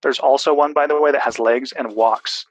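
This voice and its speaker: A man's voice: mid-range voice, steady tone, normal speed, low-quality recording. Man explaining with lots of fillers. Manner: explanatory, restarts, many fillers. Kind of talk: casual discussion.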